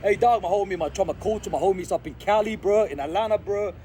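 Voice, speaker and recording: Man vlogger from Sri Lanka, slangy and rambling, fairly high voice, outdoors with faint traffic. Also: fast talker, mellow. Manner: slangy, rambling, repeats "hey, dog" and "I gotta be honest". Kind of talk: rambling casual vlog monologue. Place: outdoors in an urban spot.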